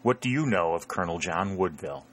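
A man's voice: deep voice, expressive, fast talker, a bit bright, a little hiss or hum. A man voicing a proud young Southern lady who speaks icily and in a lofty tone. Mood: icy. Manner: icy, lofty.

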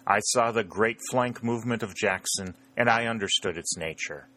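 Guy reading as a grave steady officer, sober and measured, low bright voice. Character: grave adult male Union officer, steady.

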